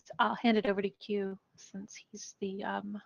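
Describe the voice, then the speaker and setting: A woman's voice: mid-range voice, level tone, moderate pace, vocal fry, no echo, lo-fi sound. A woman playing a tabletop game, describing her character's actions in an easygoing, matter-of-fact way. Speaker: player. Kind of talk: casual tabletop game play.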